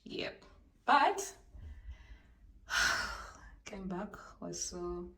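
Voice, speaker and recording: Animated woman telling a storytime on her phone. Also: on the low side, drawn-out words, vocal fry, far from the mic. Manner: animated, dramatic storytelling, addressing viewers as you guys. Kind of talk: casual storytime vlog. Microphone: handheld phone. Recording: roomy echo, voice off-mic, faint background noise.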